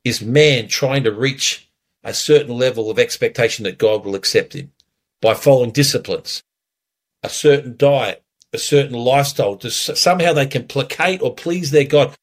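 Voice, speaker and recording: Male pastor, earnest storytelling sermon, mid-pitched voice. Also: normal speed. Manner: storytelling, earnest, animated when retelling. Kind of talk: preaching a communion message.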